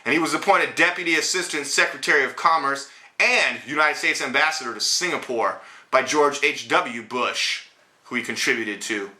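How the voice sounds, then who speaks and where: A man's voice: mid-range voice, moderate pace, bright, forceful tone. Male host for a ranting political vlog, blunt and sarcastic, recorded in a roomy, echoey space. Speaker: host of a political commentary show.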